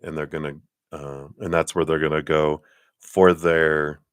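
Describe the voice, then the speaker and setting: A man's voice: a bass voice, level tone, unhurried, clean tone, dry recording, clean studio sound. A man giving a casual live-stream tarot reading, chatty and laughing often as he acts out little quoted lines. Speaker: tarot card reader.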